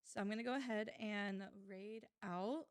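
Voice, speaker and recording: A woman's voice: mid-range voice, moderate pace, smooth, dry recording, studio quality. A young woman live-streaming a video game, reading its text aloud and chatting casually and emotionally with her viewers, laughing and swearing often.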